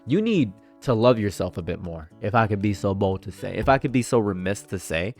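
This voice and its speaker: Male reaction streamer, lowish voice, animated ranting commentary, faint background music. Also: fairly quick. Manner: animated, ranting, swings from loud outbursts to low murmurs. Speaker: reaction streamer reading a forum story. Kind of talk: casual commentary.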